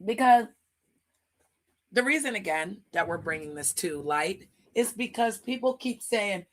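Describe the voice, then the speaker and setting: A woman's voice: mid-range voice, animated, a little slow. A woman hosting a livestream, giving casual profane commentary in a crude, mocking way and laughing often. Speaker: livestream host.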